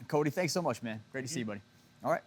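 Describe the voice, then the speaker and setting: A man's voice: mid-range voice, expressive, rapid-fire, a little hiss or hum. A man hosting a behind-the-scenes show, enthusiastic and talkative, often repeating words as he goes. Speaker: show host. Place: engine shop, then studio.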